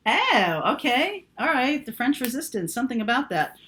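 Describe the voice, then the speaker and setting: A woman's voice: sits high, sing-song, normal speed, a bit bright. A woman doing a casual, chatty tarot reading, thinking aloud with lots of fillers. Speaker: tarot reader.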